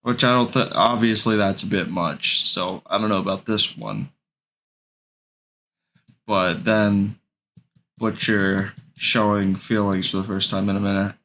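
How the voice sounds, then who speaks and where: A young man talks through a casual vlog, rambling and hesitant with plenty of fillers. His voice sits low with a gravelly edge. He speaks slowly and unhurried. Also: steady tone, pushed and bright. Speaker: vlogger.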